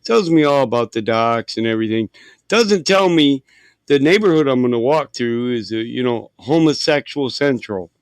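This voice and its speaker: A man from Michigan spins a loud, profane anecdote in a loose, animated way. His voice sits mid-range and sounds dry and close to the mic. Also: medium pitch, moderate pace, smooth, no room sound. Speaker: podcast host. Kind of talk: casual storytelling.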